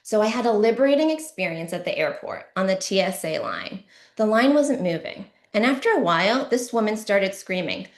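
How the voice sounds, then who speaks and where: Middle-aged woman doing stand-up, lively pitch. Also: normal speed. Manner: deadpan punchlines, sudden shouty bursts. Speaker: stand-up comedian. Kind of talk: stand-up comedy set. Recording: roomy echo.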